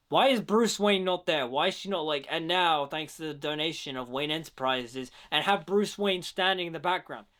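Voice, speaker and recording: A man with a fairly high voice talks through a movie in a casual commentary. He is opinionated and chatty, and he scatters "like" throughout his sentences as he makes his points. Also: a bit bright. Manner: opinionated, chatty, many "like" fillers.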